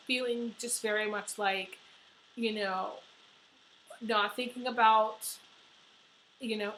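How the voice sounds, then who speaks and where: A middle-aged woman giving a casual tarot reading, blunt and chatty, swearing freely and filling pauses with "you know". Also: on the high side, pushed and bright, a little hiss or hum, rough recording. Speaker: tarot reader.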